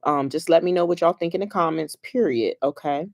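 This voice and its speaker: A young school counselor with a low, brisk voice chats casually with families on a livestream. Animated and playful, she tells stories in slang and laughs often.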